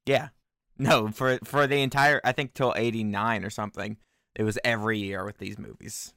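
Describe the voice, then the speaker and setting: A man chatting casually at a desk microphone as he watches a movie, tossing out joking, animated asides. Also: on the low side, moderate pace, dry recording, studio quality.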